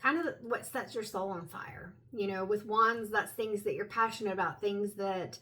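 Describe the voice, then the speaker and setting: A woman at home giving a private tarot reading, talking in a gentle, meandering, explanatory way. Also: medium pitch, normal speed, low-quality recording. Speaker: tarot reader.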